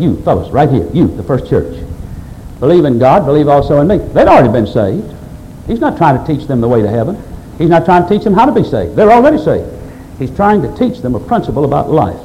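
Preacher with a lively, emphatic voice. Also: male voice, a little high, slight background noise, low-quality recording. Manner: emphatic preaching, quoting scripture, rising and falling delivery. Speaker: pastor. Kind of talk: sermon.

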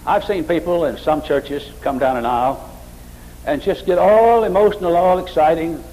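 A man preaching a sermon with emphatic, repetitive phrasing, climbing higher and louder as he mocks emotional worship. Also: moderate pace, rough recording. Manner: emphatic, repetitive, rises high when mocking emotional worship.

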